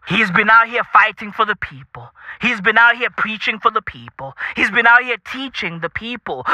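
Swaggering South African man, bright edgy voice. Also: sits high, no room sound. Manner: swaggering, slangy, repeats phrases, heavy swearing. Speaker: podcast host. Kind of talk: profane comedic podcast rant. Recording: dull lo-fi dry recording.

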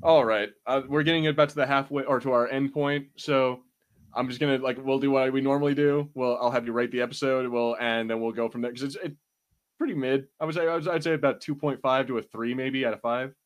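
A young man hosting a podcast in casual chat, animated and quick to curse, his pitch jumping when he gets excited. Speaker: podcast host.

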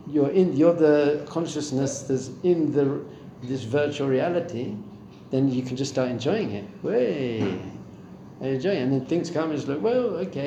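A middle-aged man, a spiritual teacher, gives a Torah class on meditation to a live audience in a room, speaking conversationally and putting questions to his listeners. His voice is a little high and warm, the sound is reverberant, and there's a bit of hiss or hum.

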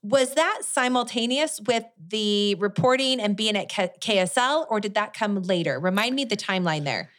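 A woman hosts a relaxed interview, reacting with short remarks and following up with questions. Her voice sits at an ordinary pitch for a woman. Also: normal speed, hardly any pauses. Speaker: podcast host. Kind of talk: casual interview.

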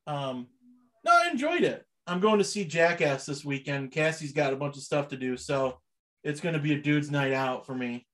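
A young man talks loosely as a podcast co-host, his voice sitting a little high. He rambles along in relaxed chat and laughs often. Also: moderate pace. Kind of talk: casual chat.

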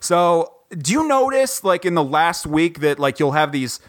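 Animated, joking male podcast host. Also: a little high, unhurried. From Ohio, USA. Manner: animated, joking, rambling with lots of fillers. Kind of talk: casual podcast chat. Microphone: recording from home, guest on the phone.

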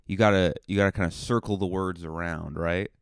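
A man's voice: low-pitched, steady tone, a little fast, gravelly, clean tone, dry recording, clean studio sound. A young man from Massachusetts, a road comic hosting his own podcast, rambling through a jokey, self-mocking monologue. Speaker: comedian and podcast host. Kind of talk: solo comedic podcast monologue.

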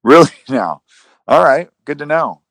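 A man hosting a casual sports podcast, rambling and animated, with some swearing. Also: on the high side, measured pace, creaky, dry recording. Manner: rambling, profane, animated retellings. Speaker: podcast host.

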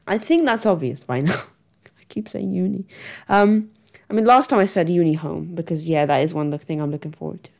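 A woman's voice: on the low side, brisk, vocal fry, darkish tone. A young woman, chatting casually to camera in a giggly, rambling, self-mocking way. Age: young adult. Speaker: vlogger.

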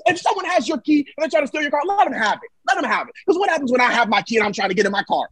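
A man telling a story in casual chat, dramatic and animated, acting out what people said. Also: very high voice, rapid-fire, no room sound, poor audio. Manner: animated, dramatic retelling with acted-out quotes. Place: Michigan.

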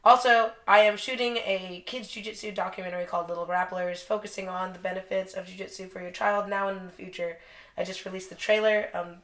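A woman's voice: mid-range voice, fairly even intonation, fast, fairly bright tone. A young woman co-hosting a podcast, telling a blunt, profanity-heavy story in casual chat. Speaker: podcast co-host. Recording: roomy echo.

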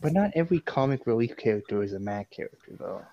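A man's voice: medium pitch, expressive, fast talker, muffled recording, crowd noise. A man co-hosting a casual podcast, teasing and swearing with disbelief. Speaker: podcast co-host. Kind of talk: casual chat.

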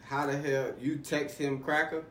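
Male guest, drawling slow and teasing, voice up a bit, far from mic in an echoey room. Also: fairly high pitch, level tone. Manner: teasing, incredulous questions. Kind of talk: casual podcast chat. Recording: distant mic, roomy, loud chatter behind.

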